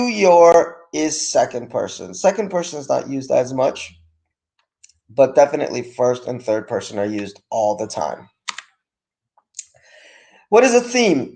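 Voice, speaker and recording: A male teacher reviewing vocabulary for an online class, stressing each term loudly and explaining it over a video call. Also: medium pitch, creaky. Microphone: computer mic on a video call with screen sharing.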